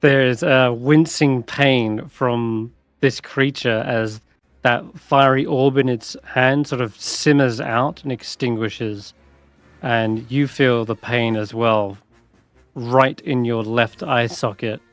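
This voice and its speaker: A man narrating as dungeon master in a tabletop game, describing the scene deliberately. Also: mid-range voice, fairly even intonation, no room sound.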